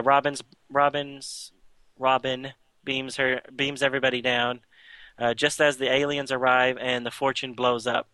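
A man talks casually on a podcast and retells a comic story in a rambling way, full of fillers and restarts. His voice is bright and forward, and it sounds dry and close. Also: medium pitch, clear, resonant tone, no room sound. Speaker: podcast co-host. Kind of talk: casual chat recapping a comic.

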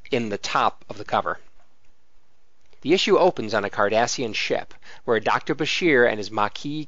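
A man's voice: mid-range voice, fairly bright tone, no echo, highs cut off. Man reading a comic synopsis. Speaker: podcast co-host. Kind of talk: casual chat and read synopsis.

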